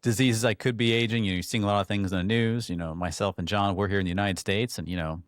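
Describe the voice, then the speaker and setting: A man with a low voice chatting in an easygoing, friendly way as a podcast co-host. The sound is close and dry. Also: fairly even intonation, fast, no echo. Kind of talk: casual chat.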